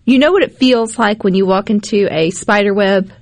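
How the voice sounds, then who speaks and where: A woman hosting a radio talk show in a studio, chatty and quick to laugh. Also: mid-range voice, creaky, no room sound. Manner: chatty, giggly, laughs often. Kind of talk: casual radio chat. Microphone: studio microphone.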